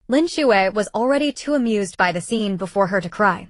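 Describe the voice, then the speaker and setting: A woman narrating a novel in an audiobook, in an even, steady storytelling manner. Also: mid-range voice, moderate pace, few pauses, dry recording.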